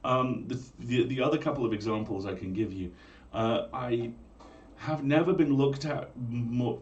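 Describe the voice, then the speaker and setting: A man with a Manx accent, hosting a livestream in a chatty, joking way with quick asides. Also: medium pitch, darkish tone, distant mic, lo-fi sound. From Isle of Man. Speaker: streamer and storyteller host. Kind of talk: casual chat. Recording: voice from off-mic with faint room ambience.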